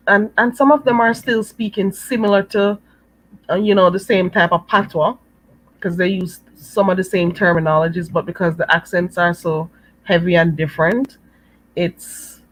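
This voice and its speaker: On a poor-quality recording with no echo, a Jamaican livestream host with a medium-pitched voice reads out comments and chats casually with viewers. She laughs a lot and calls them "girl."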